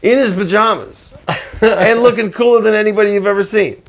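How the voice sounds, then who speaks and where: Gravelly older man telling rambling stories. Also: high voice, a little fast. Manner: animated, profane, rambling with many restarts. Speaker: guest musician. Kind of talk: casual storytelling.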